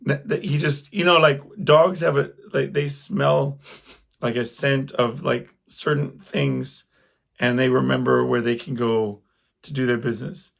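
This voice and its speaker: A man's voice: medium pitch, fairly even intonation, unhurried, vocal fry. A man hosting his own podcast, a working singer and guitarist, telling stories in a rambling, chatty monologue. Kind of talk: casual solo podcast monologue.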